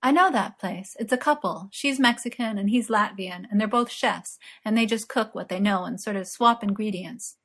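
A woman voicing an excitable, teasing young man in an audiobook reading, with eager, breathless bursts. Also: medium pitch, normal speed, few pauses. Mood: chatty.

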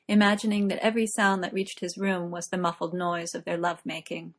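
A woman narrates a story in a steady, measured way. Her voice sits low and even as she reads. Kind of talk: story reading.

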